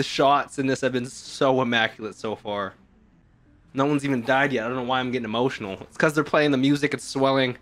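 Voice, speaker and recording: A young man hosting an anime reaction, talking in casual slang with some swearing, swinging from hushed awe to loud excited outbursts. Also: mid-range voice, a little fast, soft background music. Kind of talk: live reaction commentary.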